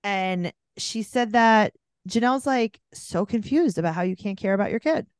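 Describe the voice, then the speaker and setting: A woman's voice: mid-range voice, moderate pace, smooth, no room sound, clean studio sound. A woman co-hosting a podcast, recapping a reality show in casual chat and acting out the quotes. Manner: animated storyteller, acts out quotes. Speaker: podcast co-host.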